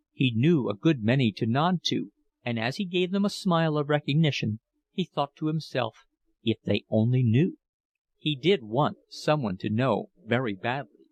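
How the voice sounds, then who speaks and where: A man narrating a novel as an audiobook in a measured, expressive reading. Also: a little high, no room sound.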